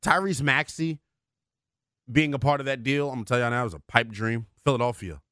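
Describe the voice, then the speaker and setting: A man's voice: brisk, dry recording. A man co-hosting a sports radio show, talking animatedly and firing off rhetorical questions in a studio. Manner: animated, swings from loud to low, rhetorical questions. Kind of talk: sports talk radio banter.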